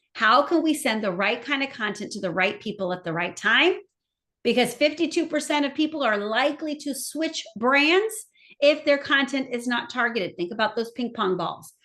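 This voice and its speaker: Middle-aged woman, marketing trainer, lively seminar talk, fairly high voice, speaks directly to the audience. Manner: enthusiastic, animated, addresses audience directly. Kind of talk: live seminar presentation.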